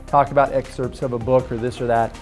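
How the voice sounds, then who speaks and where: Admiring coworker, mid-pitched. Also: level tone, brisk. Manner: admiring, conversational, with fillers. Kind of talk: interview testimonial. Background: soft music.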